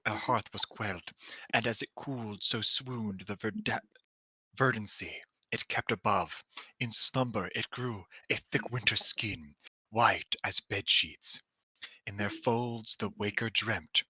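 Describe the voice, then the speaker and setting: A man reading aloud and joking with friends in a quick, playful way during a group readthrough. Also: fairly low pitch, pushed and bright, slightly rough, no echo.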